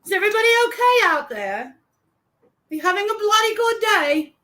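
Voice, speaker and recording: A woman's voice: very high voice, big pitch swings, moderate pace, bright, forceful tone, voice pushed up, full character voice. A woman doing a jokey put-on British voice as a mock-posh tea lady. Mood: playful.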